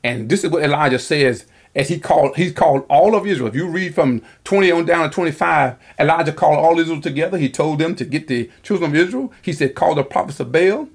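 A man preaching a sermon, rambling and often repeating words as he works through scripture. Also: on the high side. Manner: rambling, repeats words, pauses to find passages.

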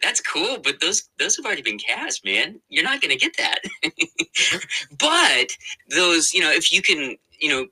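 A man talking casually about his work as a voice actor, his voice very bright and forceful. His pitch swings widely as he talks, and he laughs easily and circles back with lots of fillers and restarts. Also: moderate pace, breathy edge, rough recording. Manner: animated, laughs often, many fillers and restarts. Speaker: voice actor guest. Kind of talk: casual interview chat.

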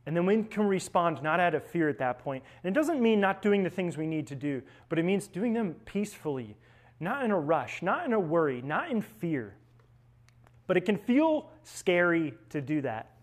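A young seminarian with a high, very animated voice offers a conversational spiritual reflection at a moderate pace. He tells stories and often checks in with tag questions.

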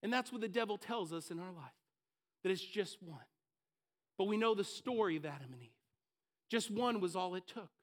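An energetic male preacher with a very high voice, talking in a relaxed conversational way. He slips into voices for the people in his stories. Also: normal speed, long pauses. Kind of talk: sermon.

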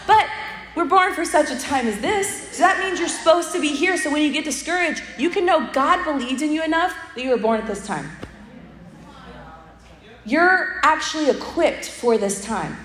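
A woman's voice: high-pitched, animated, normal speed, fairly bright tone. A young woman giving a humorous, chatty sermon with personal stories and many asides. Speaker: speaker at a church event. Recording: echoey hall with long reverb.

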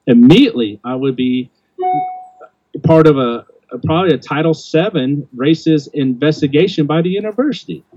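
An older man talks bluntly as a podcast host, circling back and restarting his sentences as he goes. His voice sits dark and mellow in the middle of a man's range. The recording is dry and a bit dull, like lo-fi audio. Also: a little high, moderate pace, dry recording, faint music behind. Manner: blunt, rambling with many restarts. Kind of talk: casual opinionated chat.

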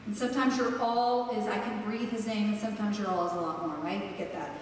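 A woman's voice: medium pitch, steady tone, fast talker, slight background noise. A woman pastor preaching a passionate sermon with emphatic, repeating lists. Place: large church sanctuary. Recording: echoey hall, heard from far off.

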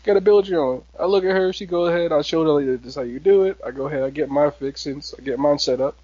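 Young man, lively storyteller voice slightly high, dry dull recording, laughs through his tale. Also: quick pace, no echo. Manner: animated storyteller, laughs often, acts out quotes. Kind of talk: casual chat, storytelling.

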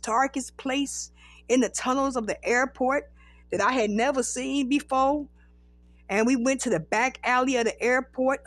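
A woman's voice: high voice, dry recording. A woman in her thirties hosting a podcast, telling a rambling, profane story in casual chat. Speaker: podcast host.

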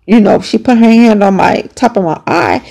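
Female podcaster, gravelly mid-pitched voice, casual emphatic storyteller. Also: moderate pace, mellow. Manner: casual, emphatic, conversational with many fillers. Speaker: podcast host. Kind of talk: personal storytelling.

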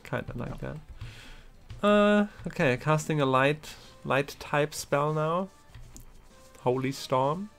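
Laid-back male let's-play co-host, sick and stuffy, gravelly, soft game music under him. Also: on the high side, slow pace, pauses often. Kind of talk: casual gaming chat.

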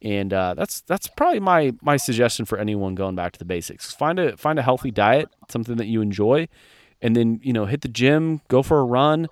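A young man co-hosts a casual podcast, cursing freely and laughing as he mocks people's eating habits. His voice sits at an ordinary pitch for a man. The sound is dry and close, with no room echo. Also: lively intonation, fairly quick. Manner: blunt, profane, laughs often, acts out quoted people. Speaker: podcast co-host. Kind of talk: casual chat.

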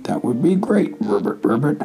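A man voicing a cheerful, chatty male frog in a bedtime story, who throws in a croaking ribbit. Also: mid-range voice, sing-song, normal speed, mellow, soft background music.

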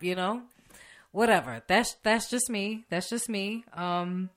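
A young woman on her podcast, talking unedited and straight off the cuff. She has a bright, sharp voice, swears constantly, and laughs in the middle of her own sentences. She is recorded in a radio station studio. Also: mid-range voice, expressive, normal speed. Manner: heavy swearing, blunt and opinionated, laughs mid-sentence. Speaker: podcast host. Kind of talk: unedited casual rant.

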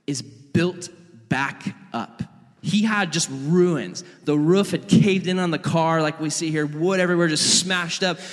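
A young man preaching a storytelling sermon as a youth pastor, animated and casual with frequent laughs. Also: fairly high pitch. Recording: long hall reverb.

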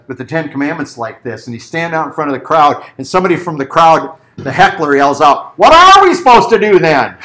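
A middle-aged man preaching a sermon as a pastor, telling stories and acting out little voices. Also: medium pitch. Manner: animated storytelling, acts out voices.

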